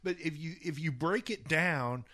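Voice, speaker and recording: A man co-hosting a casual podcast film review, agreeing often and speaking in halting restarts. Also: fairly high pitch, bright, forceful tone. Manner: agreeable, halting, many short affirmations and restarts. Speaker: podcast co-host.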